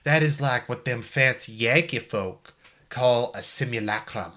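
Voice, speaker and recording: A man playing a listless teenage boy narrator with a thick, old-timey Southern drawl, bright-toned and mock-grand. He narrates a visual novel folksily, like a gentleman from a bad period film. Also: mid-range voice, a little slow. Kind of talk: dramatic reading of a visual novel.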